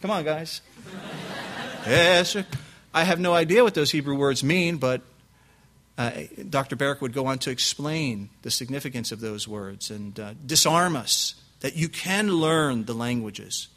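Bright-voiced storytelling male pastor. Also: medium pitch, normal speed. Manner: animated anecdote with acted quotes, frequent restarts and laughs. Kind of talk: preaching storytelling.

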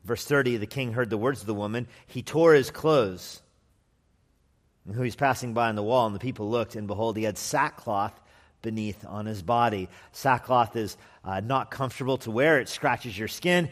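A man's voice: mid-range voice, moderate pace. A man preaching an expository sermon as pastor in a conversational manner with wry asides, sometimes acting out quoted voices. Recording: long hall reverb.

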